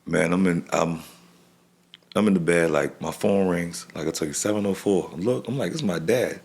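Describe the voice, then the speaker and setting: A middle-aged man tells a personal story as a podcast guest in a deep voice with a rough, crackly edge. His speech comes in halting bits that often restart, and he voices the people in his story. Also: a little mellow.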